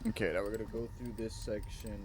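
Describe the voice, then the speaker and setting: Laid-back low-voiced gaming guy. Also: little pitch movement, fast talker, background noise. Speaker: gaming YouTuber. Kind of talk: casual gameplay commentary.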